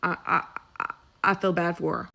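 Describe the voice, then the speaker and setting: A woman's voice: lowish voice, moderate pace, vocal fry. Sassy woman retelling a viral clip. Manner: animated, acts out both sides with sassy asides. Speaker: social media commentator. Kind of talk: casual reaction video chat.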